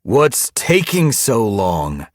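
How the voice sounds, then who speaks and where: A man's voice: on the low side, lively intonation, slow pace, darkish tone, slightly rough, dry recording, clean studio sound, voice pushed up, full character voice. A man voicing a menacing, unhinged male cat who leads a clan, snarling cold threats in an audiobook. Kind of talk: audiobook character voice.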